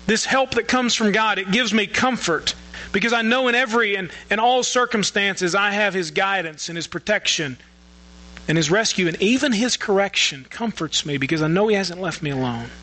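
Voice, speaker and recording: Pastor, male, earnest preaching delivery, bright tone, slight mains hum. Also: high-pitched, animated, moderate pace, rough recording. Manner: earnest preaching with repeated restarts. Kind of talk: sermon.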